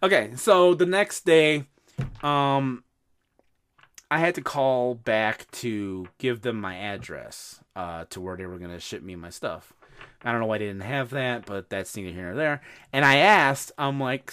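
A man hosting a podcast, telling a story in casual chat, animated and swearing freely. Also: mid-range voice, a little slow, clear, resonant tone. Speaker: podcast host.

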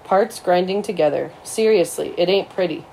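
A woman's voice: fairly low pitch, moderate pace, creaky, warm tone, a little hiss or hum, poor audio. A woman voicing an easygoing teenage brother who teases his little sister. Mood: teasing. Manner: easygoing, teasing. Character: teenage brother, joking mechanic type.

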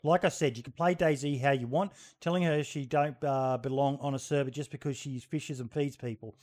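A man's voice: medium pitch, steady tone, normal speed, hardly any pauses, darkish tone. A man hosting a casual livestream podcast, talking bluntly and swearing freely. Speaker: podcast host.

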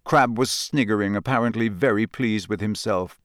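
A man narrating an audiobook in a lively, expressive way. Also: mid-range voice, moderate pace, few pauses, dry recording, studio quality. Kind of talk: scripted narration.

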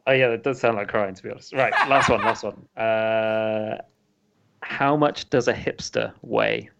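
A man's voice: on the low side, animated, measured pace, creaky, highs cut off, background noise. A man co-hosting a podcast, chatting casually and poking fun at himself while telling dad jokes. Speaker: podcast co-host.

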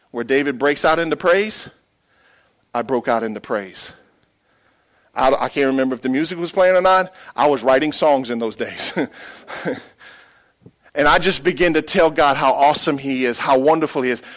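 A man preaching a sermon, telling a personal story with emotion, dropping quiet then building loud. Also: a little high, moderate pace.

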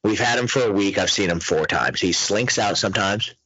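A man hosting a casual podcast, chatting loosely and swearing a lot as he tells animated stories. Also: lowish voice, fairly quick, slightly rough, dry recording, highs cut off. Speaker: podcast host. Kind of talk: casual profane chat.

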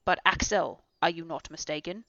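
A woman voicing a loud, lecturing old professor. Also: low-pitched, moderate pace, no room sound. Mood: insistent. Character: excitable elderly male professor, learned and commanding. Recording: dull, dry recording.

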